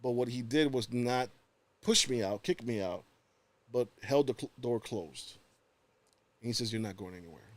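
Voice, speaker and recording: Telling his own story as a podcast guest, this man keeps it conversational and animated, voicing the other characters himself. The pitch is medium, the delivery a touch slow with frequent pauses, and the recording is dry.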